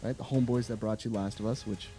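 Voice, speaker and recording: A man's voice: fairly low pitch, fairly even intonation, fast, warm tone, faint music behind. A man co-hosting a video game review, talking in a loose, rambling way with laughs and casual swearing. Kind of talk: casual chat.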